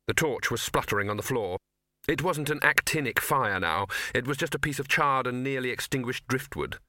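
Male audiobook narrator, measured storytelling, bright forceful tone, dry close mic. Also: medium pitch, lively intonation, no room sound. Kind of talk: scripted narration.

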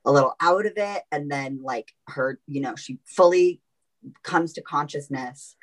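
Woman game master, low voice, halting, filler-heavy, emotional narration. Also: rough recording. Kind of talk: narrating an actual-play tabletop game.

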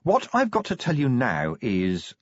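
A man's voice: medium pitch, huge pitch swings, measured pace, dry recording, lo-fi sound. A man voicing a worldly, teasing young vampire woman with a knowing, wry manner in a storybook reading. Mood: coaxing.

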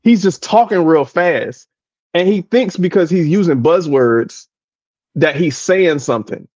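A man in casual podcast chat, telling an animated story full of impressions and laughter. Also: on the high side, measured pace, dry recording, dull audio. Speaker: podcast co-host.

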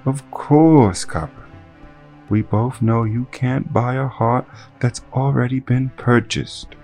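A man's voice: medium pitch, slow, darkish tone, soft background music. A man reading a smug, condescending male crime boss who gives cold orders with a sadistic edge. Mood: menacing. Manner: sadistic chuckling, cold commands.

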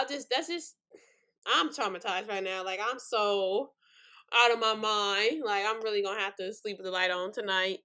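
A woman's voice: medium pitch, moderate pace, bright, forceful tone. A young woman hosting a true-crime podcast, rambling with many fillers and choked up, near tears. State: tearful. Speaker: podcast host.

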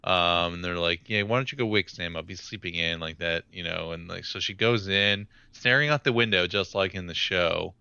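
A man's voice: deep voice, moderate pace, creaky, hardly any pauses, pushed and bright, clean tone, no echo, dull audio. A young man co-hosting a casual chat, rambling through his retelling with lots of "like" and "um". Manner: rambling, filler-heavy retelling. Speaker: podcast co-host.

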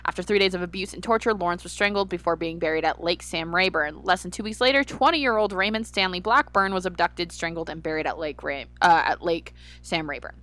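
A woman's voice: lowish voice, a little fast, few pauses, fairly bright tone. A woman co-hosting a casual podcast, teasing and blunt, who also reads out true crime notes. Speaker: podcast co-host.

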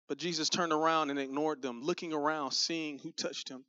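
A man who is a pastor, preaching a sermon in an animated, conversational way. He speaks straight to the congregation and does comic voices for the people in his stories. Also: on the high side, normal speed, hardly any pauses, clean tone, no room sound. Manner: conversational, addresses the congregation directly. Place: church sanctuary. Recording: dull, muffled sound with faint music.

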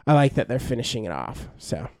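A young male podcast co-host chats with casual enthusiasm, rambling with fillers and restarts. His medium-pitched voice is sing-song and a little fast, in a dry, studio-quality recording.

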